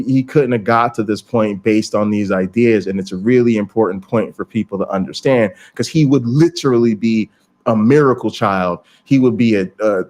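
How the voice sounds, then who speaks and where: A man hosting a casual livestream, talking straight to viewers in an animated, profane way. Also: on the low side. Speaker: streamer and channel host.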